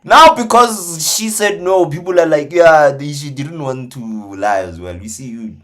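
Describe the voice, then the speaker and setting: A man, a trading mentor, telling stories in casual talk, animated, swinging from hushed to loud. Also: fairly high pitch, measured pace. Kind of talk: casual storytelling.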